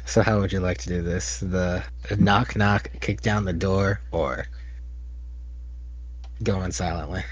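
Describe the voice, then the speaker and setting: Deep husky-voiced man playing a game. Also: fairly even intonation, a little slow, long pauses, dull audio. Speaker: player. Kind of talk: tabletop game chat.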